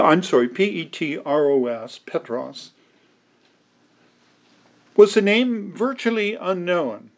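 Male pastor, higher-pitched, preaching a verse-by-verse sermon with deliberate emphasis. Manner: deliberate, emphatic, reads scripture aloud in old wording. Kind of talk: expository sermon.

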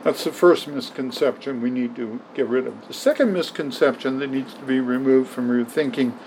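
A man's voice: medium pitch, normal speed, darkish tone, a little hiss or hum, rough recording. A man preaching a sermon in an emphatic way, often repeating words for stress. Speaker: pastor.

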